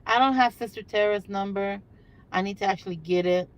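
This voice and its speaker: An older woman chats away on a phone livestream from inside her car. She rambles easily between thoughts, filling the gaps with "you know" and "um", her pitch sitting in an ordinary middle range for a woman. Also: fairly quick, highs cut off. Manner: chatty, rambling, lots of fillers and you-knows. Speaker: livestream host. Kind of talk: casual live chat with viewers. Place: in a parked car.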